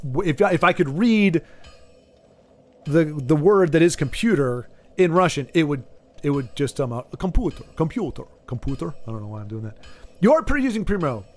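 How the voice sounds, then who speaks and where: Man, gaming host, casual chat while playing, rambling asides, slightly high voice. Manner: rambling, thinks aloud with many asides.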